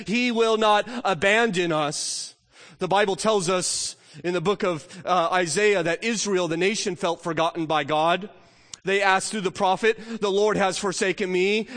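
A man preaches a sermon in a large hall whose long reverb trails after each phrase. His voice sits a little high for a man. He moves from earnest, emphatic questions down to hushed, slow storytelling. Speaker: pastor.

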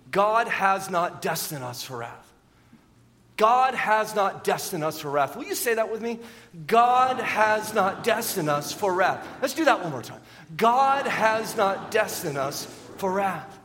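High-voiced male pastor preaching in a reverberant hall. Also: a bit bright. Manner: frequent rhetorical questions and repeated words. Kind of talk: sermon.

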